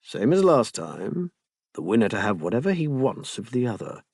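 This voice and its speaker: A man voicing an earnest, formal gentleman who speaks in a deep voice, devoted to his lover. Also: big pitch swings, normal speed, creaky, slightly rough, no room sound, full character voice. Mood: suggestive.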